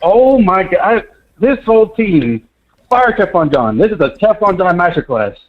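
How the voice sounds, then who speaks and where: A young man calling in to a sports show, ranting, stuttering in his anger and breaking into near-shouts. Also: big pitch swings, normal speed. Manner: frantic, stuttering, pitch leaping into shouts. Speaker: caller. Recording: dull lo-fi call audio.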